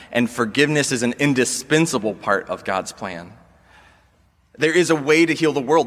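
A man's voice: mid-range voice, a bit bright. Earnest male pastor in a reverberant hall. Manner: earnest, measured, asks the congregation questions. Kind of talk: sermon.

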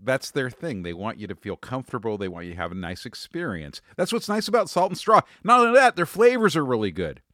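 A playful man hosting a casual podcast, teasing his co-host and drawing out words for effect. His pitch jumps around animatedly. The mic sound is close and dry. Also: no room sound. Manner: lively, jokey, drawn-out emphasis. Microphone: studio microphone.

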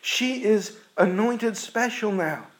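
A man's voice: high voice, lively intonation, takes it slowly, poor audio. A man preaching a sermon, retelling a scripture story in an earnest, emphatic way.

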